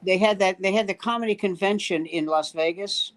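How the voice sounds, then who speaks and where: A man's voice: high-pitched, a little fast, a bit bright, slight background noise. An older man, a veteran stand-up comedian, telling a story in casual chat and acting out the lines of the people in it. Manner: acts out quoted dialogue in the story.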